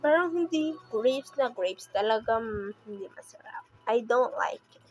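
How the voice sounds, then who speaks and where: A woman with a Filipino accent, talking in a halting, emotional way as she vlogs casually. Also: a little high, animated, soft background music, low-quality recording. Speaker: vlogger. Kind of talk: casual rambling vlog.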